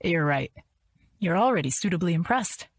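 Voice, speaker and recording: A woman voicing a suave, wealthy man with a smooth, cultured and dry manner. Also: fairly low pitch, expressive, normal speed. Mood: dry teasing.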